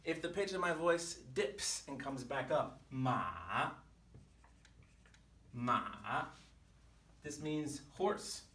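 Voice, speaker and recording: A man explains a language lesson slowly and patiently, with a bright, forceful tone. He is recorded in an echoey room from some distance. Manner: clear, patient, demonstrates pitch with sung syllables. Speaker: Chinese teacher.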